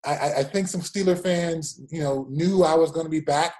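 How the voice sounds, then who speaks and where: A man's voice: a little high, moderate pace. A man in his forties, a former football player, telling stories in an interview and acting out quotes. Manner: animated anecdotes with acted-out quotes. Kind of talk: storytelling interview.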